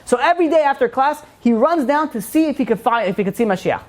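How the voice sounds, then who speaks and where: A man, a rabbi, giving an informal Torah class as an animated storyteller who fills his talk with "you know". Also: extremely high pitch, quick pace.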